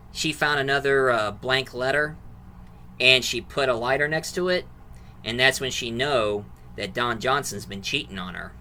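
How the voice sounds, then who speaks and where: Brief: male movie reviewer, casual and rambling, very bright, cutting tone. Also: mid-range voice, slight background noise. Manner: rambling plot recap, restarts and fillers.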